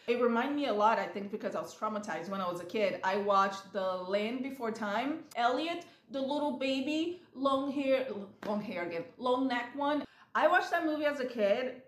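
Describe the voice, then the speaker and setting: A woman's voice: on the high side, reverberant. A woman vlogging in a chatty, rambling way, retelling movie scenes with animation. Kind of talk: casual chat. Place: lives in San Diego.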